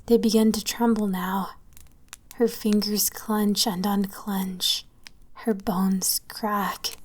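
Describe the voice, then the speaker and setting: A woman narrating a horror story, often dropping to a hushed whisper. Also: mid-range voice. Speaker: story reader.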